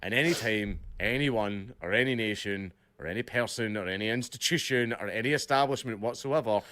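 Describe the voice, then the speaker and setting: A man's voice: fairly low pitch, fairly quick, pushed and bright. A man co-hosting a livestream, reading out news and commenting bluntly and profanely, often repeating himself. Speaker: livestream co-host.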